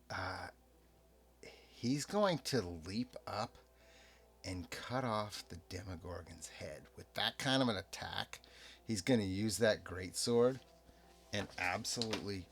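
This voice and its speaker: A man narrating a solo tabletop game as game master, in a relaxed, rambling, self-amused way. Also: fairly low pitch, gravelly. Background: soft background music.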